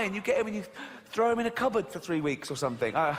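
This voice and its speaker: Audience laughter greets a stand-up comedian as he rants animatedly and mimics silly voices on a large venue's live stage. He has a high, fairly bright voice with lively intonation and a quick pace. The recording carries live hall reverb.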